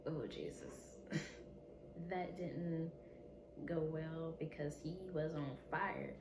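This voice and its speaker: A woman with a lowish voice tells her own story slowly and earnestly, letting some words fall to a soft whisper. The recording is roomy and echoey, with a steady hiss of background noise under her voice. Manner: earnest, drops into hushed whispered asides. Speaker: vlogger. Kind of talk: personal storytelling.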